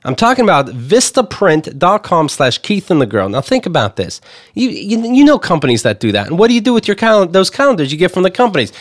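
A man's voice: high voice, a little fast, no echo, studio quality. A man co-hosting a comedy podcast, joking around and loosely reading an ad. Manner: joking, animated, reads ad copy loosely. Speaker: podcast co-host. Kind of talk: casual comedic chat.

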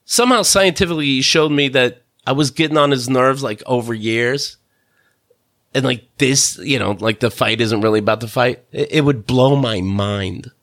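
A man hosting a podcast, delivering an exasperated, profanity-filled comedic rant that swings between mutters and shouts. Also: medium pitch, normal speed. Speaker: podcast host.

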